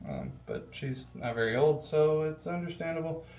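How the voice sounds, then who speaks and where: A man's voice: a little high, wildly swooping pitch, moderate pace, gravelly, a little mellow, a little hiss or hum. Rambling man in an echoey room. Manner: rambling, casual, swears freely, frequent ums. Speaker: PC builder vlogger. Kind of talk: rambling casual chat while building a PC. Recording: echoey room with faint ambience.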